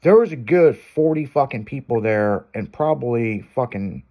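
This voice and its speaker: A man's voice: mid-range voice, animated, moderate pace, dark tone. A man hosting a radio show, telling a long crude story in loose casual talk.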